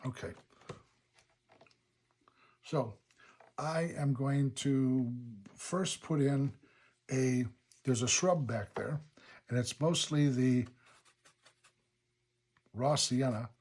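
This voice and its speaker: A man teaching watercolor, talking calmly through each brushstroke of a painting demonstration and thinking aloud as he works. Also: mid-range voice, drawn-out words, pauses often. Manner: relaxed, thinking aloud step by step. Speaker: watercolor instructor. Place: painting studio.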